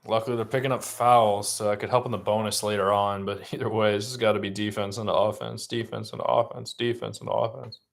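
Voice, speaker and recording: A man giving casual live reactions while watching a basketball game, emotional and profane, swinging from quiet muttering to loud outbursts. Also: fairly low pitch, flat delivery, fast, gravelly, few pauses. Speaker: livestream sports watcher.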